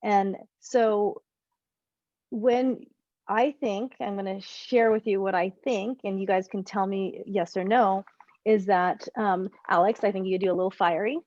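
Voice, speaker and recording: A woman's voice: mid-range voice, measured pace, dry recording, lo-fi sound. A woman relationship coach leading a group session over a video call, explaining in a rambling way and often restarting her sentences. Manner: rambling, self-correcting, animated explanations.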